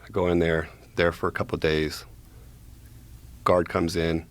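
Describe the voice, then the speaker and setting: Guy with a low gravelly voice rambling through a story, lots of cussing and "right?". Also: flat delivery, normal speed. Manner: profane, rambling, fillers like "right?". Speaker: guest telling a story. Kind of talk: casual storytelling.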